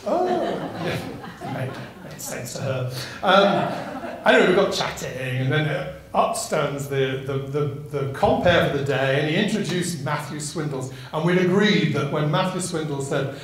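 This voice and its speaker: A man with a high voice tells a comic story to a live audience in a small hall. He is chatty and full of quick asides, laughs often, and gets the crowd to join in. The hall is very echoey. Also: animated. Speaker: storyteller performing a one-man show.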